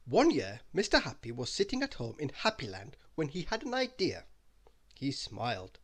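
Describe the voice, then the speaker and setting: A man reading a children's bedtime story aloud in an animated, expressive way. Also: medium pitch, a little slow, husky.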